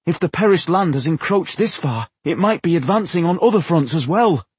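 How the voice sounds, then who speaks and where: A man's voice: a little high, expressive, normal speed, darkish tone, husky, no echo, voice pushed up. A man voicing a frightened young male dwarf warrior who talks in tense, urgent outbursts in an audiobook.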